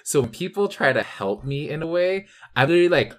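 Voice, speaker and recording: A man's voice: fairly high pitch, lively intonation, brisk. A young man hosting a podcast, bantering casually in a laid-back, playful way. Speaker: podcast host. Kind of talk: casual chat.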